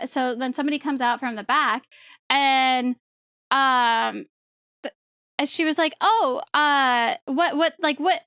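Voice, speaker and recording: A young woman streamer telling a story to her chat in a rambling, excitable way, swearing casually and laughing often. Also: high voice, dry recording, studio quality.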